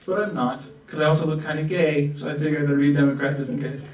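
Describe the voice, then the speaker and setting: A young man from the American South does a stand-up set, rattling off quick asides and jumping into raised character voices. His voice sits a little high for a man, and the roomy club audio is picked up from a mic well away from him. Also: steady tone, recorded from a distance. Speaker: stand-up comedian. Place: comedy club.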